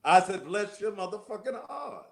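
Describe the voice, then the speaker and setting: A man's voice: high voice, very animated, normal speed, vocal fry. Man, guest pastor, blunt and profane, heard over a video call. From Memphis, Tennessee. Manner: cussing, blunt.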